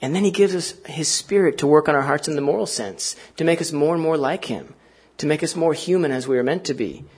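Husky-voiced male pastor preaching conversationally. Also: a little high, fairly quick, hardly any pauses, a little mellow. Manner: conversational, earnest, many fillers and asides to the congregation. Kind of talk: sermon.

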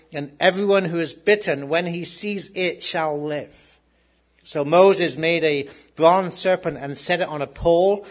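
A man preaching a sermon, reading scripture aloud and then talking it over, repeating words as he goes. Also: fairly high pitch. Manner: swings from loud reading to soft asides, repeats words.

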